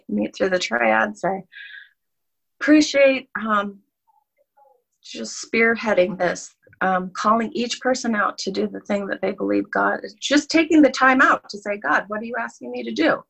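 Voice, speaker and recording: Gravelly-voiced woman sharing her faith. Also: mid-range voice, moderate pace, rough recording. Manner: reflective and rambling, with soft laughs. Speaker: guest participant in a ministry challenge. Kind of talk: casual faith testimony.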